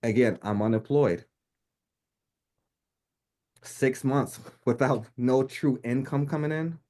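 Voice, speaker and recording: Animated New York man telling a story. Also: mid-range voice, slow pace. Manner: animated, laughs often, acts out quoted speech. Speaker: podcast guest. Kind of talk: casual storytelling.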